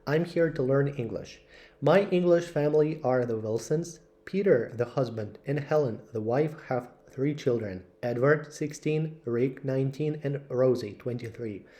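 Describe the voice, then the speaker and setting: Man, English teacher, mellow tone, slow careful read-aloud of lesson texts. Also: mid-range voice. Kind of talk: reading textbook passages aloud.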